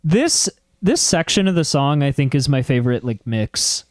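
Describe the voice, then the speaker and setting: Chatty man, slightly higher voice. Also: very animated, normal speed, dry recording, studio quality. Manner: chatty, laughs often, hesitant restarts. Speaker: band member. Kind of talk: casual album commentary on a livestream.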